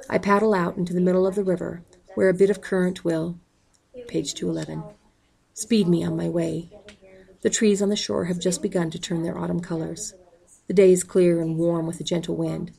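A woman reading a novel aloud in a calm, even way, calling out the page numbers as she goes. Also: on the low side, a little fast, vocal fry, poor audio. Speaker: audiobook reader.

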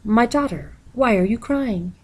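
A woman reading a storybook aloud, voicing a kind, gentle holy woman who speaks softly, slowly and tenderly. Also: a little high, lively intonation, husky, voice pushed up. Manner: soft, slow, tender.

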